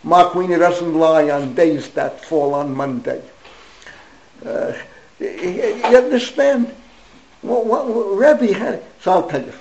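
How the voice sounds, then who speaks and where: Slow-talking older rabbi telling stories. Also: male voice, sits high, gravelly, noisy background. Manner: rambling storytelling, peppered with Hebrew and Yiddish, calling on listeners by name. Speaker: rabbi teaching a class. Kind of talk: informal Torah lecture with anecdotes.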